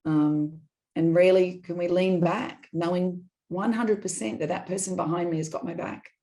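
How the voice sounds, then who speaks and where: A middle-aged woman, a podcast guest, telling personal stories in an animated, digressive way and acting out quoted dialogue. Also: fairly low pitch, moderate pace. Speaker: guest, business consultant. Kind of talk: candid personal storytelling in a podcast interview.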